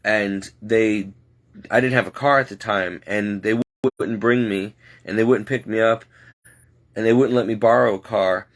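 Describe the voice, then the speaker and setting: A man with a lowish voice telling his own story in a casual way. He speaks earnestly and haltingly, restarts often, and brings in God and the supernatural. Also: fairly even intonation. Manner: earnest, halting, circles back on itself.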